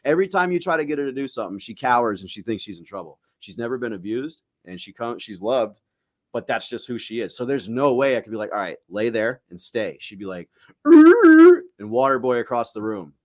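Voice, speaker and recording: Man telling a profane, lively story. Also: medium pitch, fast, no echo, clean studio sound. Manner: profane, animated anecdote-telling with acted-out quotes. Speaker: podcast co-host. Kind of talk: casual storytelling chat.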